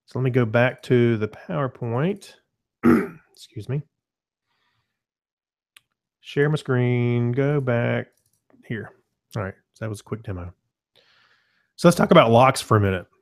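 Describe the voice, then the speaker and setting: A man with a mid-range voice gives a casual software demo over a web call at a measured pace with long pauses. His explanations are loose and self-correcting, and he frequently clears his throat.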